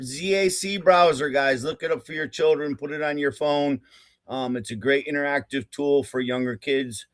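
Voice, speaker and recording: A man's voice: a little high, moderate pace, no room sound. A man hosting a casual interview, asking sympathetic, chatty questions. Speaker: host.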